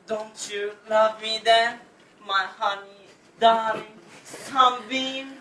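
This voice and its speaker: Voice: medium pitch, fairly even intonation, slow pace, natural voice. A student actor playing a lovesick middle-aged male neighbour in an amateur stage play, making overwrought declarations. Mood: pleading. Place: small university theatre stage. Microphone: far-off room mic. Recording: echoey theatre from far off, faint hiss.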